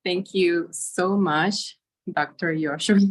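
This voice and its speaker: A woman's voice: on the low side, steady tone, slow pace. A woman from the Dominican Republic who moderates the conference and asks friendly, upbeat questions. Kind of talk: casual interview questions.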